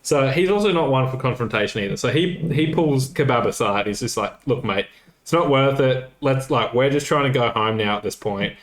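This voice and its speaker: A man's voice: mid-range voice, lively intonation, a little fast. A man co-hosting a podcast, telling a nightlife story casually with swearing and quoted dialogue. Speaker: podcast co-host. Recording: roomy echo.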